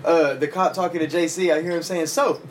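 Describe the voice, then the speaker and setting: A man's voice: a little high, steady tone, fast talker, slight background noise. A man casually telling a story among friends, slangy and laughing often. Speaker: storyteller in group chat. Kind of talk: casual chat.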